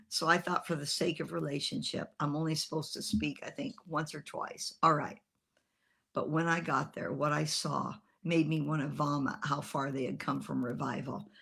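A woman preaching a sermon, telling a story with animated, humorous acted-out voices. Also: low voice.

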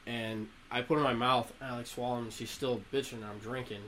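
A young man telling profane stories to friends in casual chat, animated and laughing between lines. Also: medium pitch, fast, a little hiss or hum, low-quality recording. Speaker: storyteller among friends.

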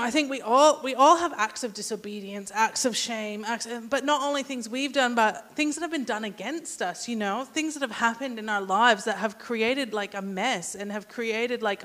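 Woman preaching casually to a church crowd, kinda high voice, echoey hall. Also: moderate pace, fairly bright tone. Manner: casual, asks the congregation questions. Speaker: church speaker. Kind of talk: conversational sermon. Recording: hall reverb.

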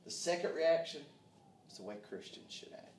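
A man's voice: fairly high pitch, very animated, moderate pace, darkish tone, a little hiss or hum. A man preaching a sermon in a folksy, fervent way, with frequent amens. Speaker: pastor. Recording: roomy echo, distant from mic.

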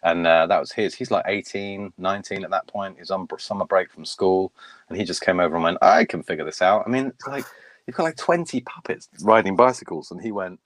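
Enthusiastic low-voiced puppeteer guest. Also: male voice, fairly quick, dry recording. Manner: chatty, enthusiastic, self-deprecating. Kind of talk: casual interview on video call. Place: home loft.

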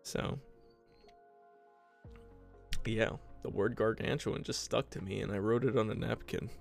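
Gravelly young man rambling on a podcast. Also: lowish voice, fairly even intonation, measured pace, soft background music. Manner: profane, self-mocking, rambling. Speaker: podcast host. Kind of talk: casual rambling storytelling. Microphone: home desk mic.

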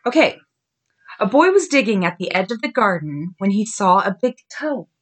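A woman in her thirties, a podcast host, reading scary stories aloud to her daughter with lively giggles and slow, groaning spooky lines. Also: medium pitch.

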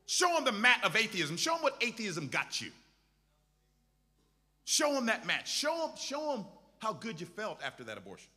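A man's voice: sits high, huge pitch swings, moderate pace, pauses often, bright, forceful tone, big-room sound. A male pastor preaching a sermon with impassioned, repetitive exhortations.

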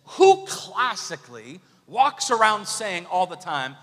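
A man preaching a sermon as pastor, lively and questioning the congregation. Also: high voice, slow pace, slightly rough. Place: church sanctuary. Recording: long church hall reverb.

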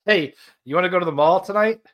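A man's voice: high-pitched, fast talker, highs cut off. A young man with a New York-area accent, co-hosting a podcast in casual, joking, profane banter. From New Jersey or New York area. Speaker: podcast co-host.

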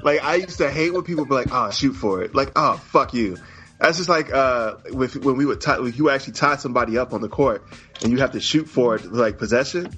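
A man's voice: medium pitch, fast talker, a bit bright, faint music behind. A man co-hosting a podcast in casual, profane, joking chat, laughing often. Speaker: podcast co-host.

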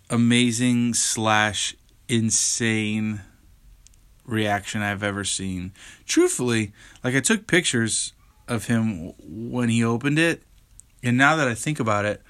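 A man's voice: medium pitch, a bit bright. A young man hosting his own podcast, chatting casually and candidly about his week, tired and yawning, rambling with lots of fillers and restarts. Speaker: podcast host. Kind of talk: casual solo podcast chat.

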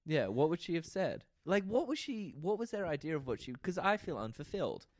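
A young man co-hosting a podcast, casually chatting about a TV episode, animated and joking, swearing freely. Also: on the high side, a little fast, no echo, studio quality. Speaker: podcast co-host. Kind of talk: casual chat recapping a TV episode.

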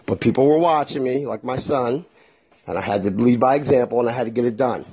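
A man's voice: mid-range voice, a little fast, mellow, breathy edge. A middle-aged man telling a casual, exasperated story with lots of swearing. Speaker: vlogger.

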